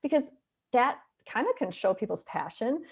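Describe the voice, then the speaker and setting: A woman's voice: on the high side, sing-song, normal speed, creaky, slightly rough. A middle-aged woman with a nasal voice and a Wisconsin accent, a physician and author chatting upbeat as an interview guest over a remote call. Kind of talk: casual interview talk.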